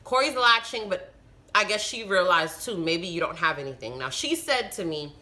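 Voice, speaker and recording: A woman vlogger speaks straight to camera in an easy, conversational storytelling way. Her voice is bright and forward, and she leans hard into the key words with animated emphasis. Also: on the low side, moderate pace. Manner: animated, emphatic retelling with frustrated outbursts. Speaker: vlogger and new mother.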